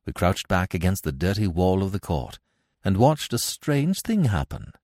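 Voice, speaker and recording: Deep, expressive male storyteller. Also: moderate pace, no echo, clean studio sound. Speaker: audiobook narrator. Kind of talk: scripted narration.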